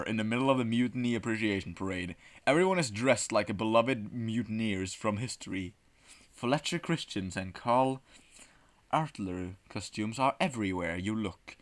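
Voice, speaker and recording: A man hosting a comedy podcast, reading a text adventure aloud in an animated, profane way and often breaking into laughter. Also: medium pitch. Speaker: podcast host playing a text game.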